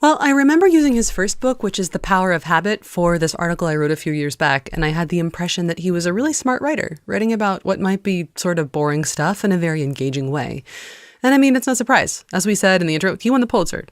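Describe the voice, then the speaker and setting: A woman hosting a podcast, chatting casually in an upbeat, animated way. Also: on the low side, fast talker, no echo, clean studio sound. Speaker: podcast host. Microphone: studio mic.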